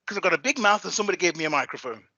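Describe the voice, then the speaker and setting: A hyped, animated man in his fifties with a high voice. His tone is bright and sharp, with a husky edge. He chats casually as an interview guest, dry and close to the mic. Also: rapid-fire, dry recording, lo-fi sound. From England. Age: 50s.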